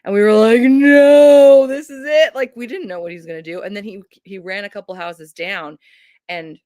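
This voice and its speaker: A woman's voice: mid-range voice, a little fast, no echo, studio quality. A woman in her thirties hosting a casual video chat, telling stories with laughs and acted-out voices. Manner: animated storyteller, acts out voices with laughs. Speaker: host.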